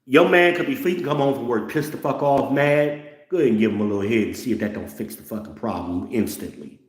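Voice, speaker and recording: A man's voice: medium pitch, fairly quick. A man hosting a livestream, talking bluntly and profanely to viewers at home in a preachy tone and calling for amens. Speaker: livestream host. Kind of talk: casual profane monologue to viewers. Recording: roomy echo.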